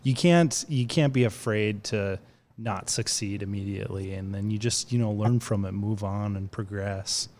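Low-voiced man hosting an interview. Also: normal speed, a little mellow. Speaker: podcast host. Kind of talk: casual interview.

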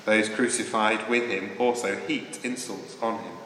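A man reads a scripture passage aloud in a clear, declamatory manner, his voice bright and forward. The church hall around him is echoey, with a long reverb tail. Faint room ambience sits underneath. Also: on the low side, fairly even intonation, unhurried, a little hiss or hum. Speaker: scripture reader.

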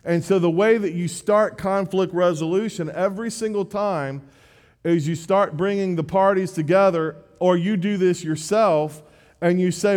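A man preaching with a slightly high voice, speaking casually and poking fun at himself as he goes, often stopping to restart a phrase. His words carry a long reverb from a large hall. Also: normal speed, a little mellow. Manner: conversational, self-deprecating, with repeated restarts. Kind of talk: sermon.

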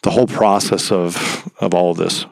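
A man's voice: sits low, fairly even intonation, normal speed, vocal fry, dry recording. A man speaking as a podcast guest, candid and self-reflective, sometimes rambling as he thinks aloud. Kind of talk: conversational interview.

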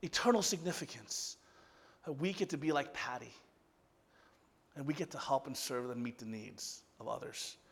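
A man preaching a sermon, telling a story that swings from loud excitement to hushed softness. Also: fairly high pitch, long reverb tail. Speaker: pastor.

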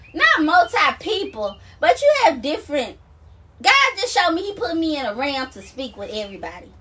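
Her voice sits high with a sharp edge, picked up from a distance by the phone she's recording herself on. Pacing as she talks, this self-styled minister delivers an emotional testimony to viewers, repeating herself and bursting into exclamations and laughter.

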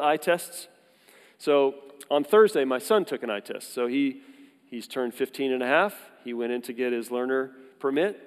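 A man in his forties gives a sermon in a loose, conversational style, spinning light personal anecdotes and quick asides. His voice sits at an ordinary pitch for a man. A long reverb trails behind him in a large church hall. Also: smooth. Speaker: pastor.

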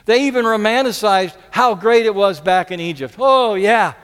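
A man preaching a sermon as a pastor, earnest, repeating key lines for emphasis and dropping to soft pleas. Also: high-pitched, moderate pace, clean tone, long reverb tail.

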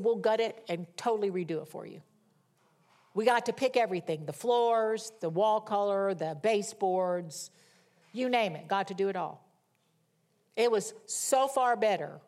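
A middle-aged woman preacher reading scripture and telling a humorous personal story in a lively sermon. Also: mid-range voice.

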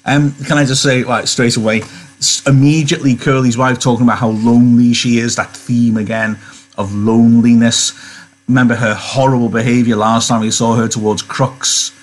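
Man, teacher, reading aloud with commentary, husky, average pitch. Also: little pitch movement, moderate pace. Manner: chatty, asks rhetorical questions.

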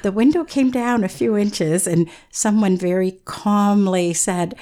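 A woman's voice: medium pitch, unhurried, hardly any pauses, darkish tone. A woman guest on a radio talk show, telling funny stories in a chatty way and laughing often. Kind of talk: storytelling radio interview.

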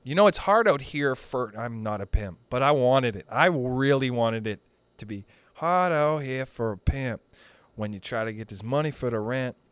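A young man from Canada doing a rambling, profane stand-up monologue, pushing his pitch up and down for emphasis. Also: animated, normal speed, fairly bright tone, smooth, dry recording. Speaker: stand-up comedian.

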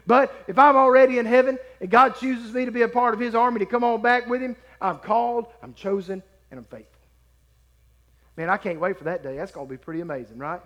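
A man preaching a sermon, emphatic on key words and dropping to quiet asides. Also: very high-pitched, steady tone, a little fast. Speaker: pastor.

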